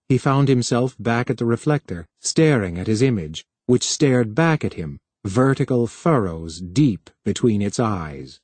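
Lively male audiobook narrator. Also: mid-range voice, measured pace, slightly rough, no echo. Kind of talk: scripted narration.

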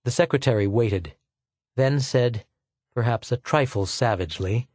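Male narrator, low and slow, dry studio read. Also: a little mellow, no echo. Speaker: audiobook narrator. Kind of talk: scripted narration.

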